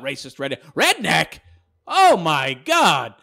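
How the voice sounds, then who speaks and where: A channel host reacting to viewer comments in a sarcastic, mocking manner, laughing often. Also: male voice, sits high, sing-song, moderate pace, creaky, fairly bright tone.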